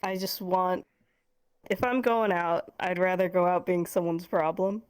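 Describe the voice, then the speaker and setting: A young woman co-hosting a casual chat show, agreeable and quick to giggle. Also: on the low side, fairly even intonation, clean tone.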